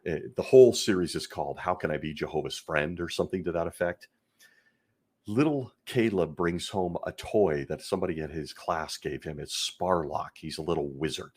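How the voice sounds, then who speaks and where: A man's voice: sits low, moderate pace, darkish tone, slightly rough. A middle-aged man hosting a commentary show, speaking in an earnest, indignant and emphatic way. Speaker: podcast host. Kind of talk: commentary on a religion he left.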